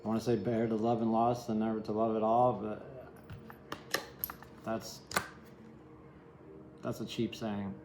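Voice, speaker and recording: A man's voice: on the low side, flat delivery, normal speed, long pauses, echoey room, noisy background. A man giving a casual, rambling tarot reading, candid and sometimes swearing. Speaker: tarot reader.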